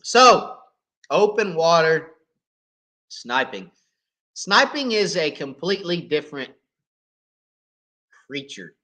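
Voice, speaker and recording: Hoarse fishing host. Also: male voice, on the high side, big pitch swings, slow pace, long pauses, bright, forceful tone. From East Tennessee. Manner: folksy, chatty, checks in with viewers. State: hoarse, losing his voice, coughing. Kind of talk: live Q&A chat.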